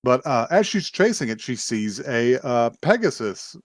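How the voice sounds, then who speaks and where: A man's voice: mid-range voice, sing-song, measured pace, no room sound. A podcast host talking through an episode recap, rambling and restarting his sentences as he goes. His voice sits in a middle range, with dry, close sound. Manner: rambling with many fillers and restarts, laughs often. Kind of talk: casual recap chat.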